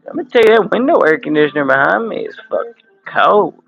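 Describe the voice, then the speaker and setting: Guy in his 30s on a home livestream, cussing and laughing, kinda high voice, muffled lo-fi sound. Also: very animated, fast talker, creaky, faint music behind. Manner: profane, laughing, loose banter. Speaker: livestream host. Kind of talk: casual livestream chat. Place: home room with window air conditioner.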